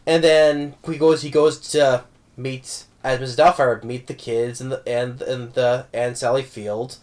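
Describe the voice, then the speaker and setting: A man's voice: mid-range voice, level tone, a little slow. A man giving a casual spoken film review, rambling, with many restarts and tag questions. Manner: warm, amused fan talk. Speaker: movie reviewer.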